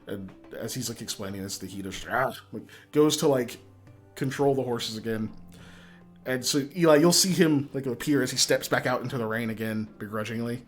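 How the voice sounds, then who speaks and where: A man's voice: medium pitch, fairly quick, faint music behind. A man narrating as game master for a tabletop game, laughing often as he goes. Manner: laughs often between lines.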